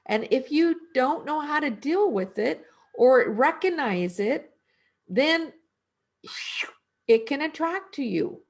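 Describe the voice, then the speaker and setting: A woman's voice: high-pitched, lively intonation, darkish tone. A middle-aged woman energy worker talking casually and reflectively, asking her listeners questions. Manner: reflective, slow, conversational with rhetorical questions. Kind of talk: casual spiritual talk.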